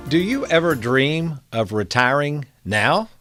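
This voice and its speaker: A man in his fifties hosting a financial show, pitching his service to viewers in an earnest, salesman-like way with rhetorical questions. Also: very animated, a little slow, fairly bright tone, faint music behind. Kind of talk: direct-to-camera talk.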